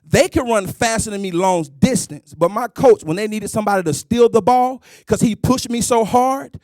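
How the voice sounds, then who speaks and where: High-voiced emphatic preacher man. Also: normal speed, darkish tone, dry recording, clean studio sound. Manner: emphatic, sing-song preaching with exclamations. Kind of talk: sermon.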